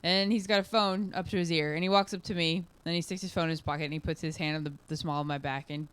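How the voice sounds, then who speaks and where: A woman's voice: low voice, fast talker, clear, resonant tone, no echo. A woman co-hosting a podcast, telling a story in casual chat and acting out the quotes. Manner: animated storytelling, acts out quotes. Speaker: podcast co-host.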